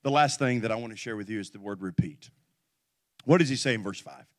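A middle-aged man preaching a sermon as pastor, telling stories and then building to loud call-and-response exhortation. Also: on the low side, fast talker, no echo, studio quality.

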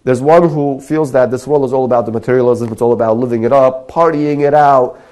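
A man, a rabbi, giving a sermon and telling a parable, acting out the characters in an animated storytelling voice. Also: medium pitch, fairly quick.

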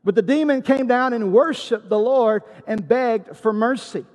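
High-voiced preacher, echoing hall. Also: male voice, unhurried, a little mellow. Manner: emphatic preaching with scripture quotes. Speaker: pastor. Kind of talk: sermon.

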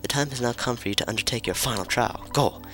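Man doing old male mentor, solemn, grave, formal, bright forceful tone. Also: low-pitched, steady tone, moderate pace, faint music behind.

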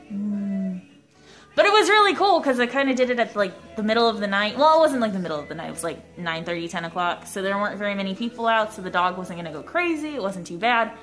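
A woman's voice: mid-range voice, fairly bright tone. A young woman vlogging at home, chatting casually in a rambling, self-mocking way. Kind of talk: casual vlog chat. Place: at home indoors.

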